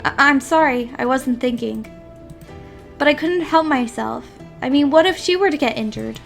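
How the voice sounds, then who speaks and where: A meek young heroine, earnest and apologetic, soft-spoken in her replies, as a woman reads her lines. Her voice sits fairly high over faint music. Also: normal speed, vocal fry.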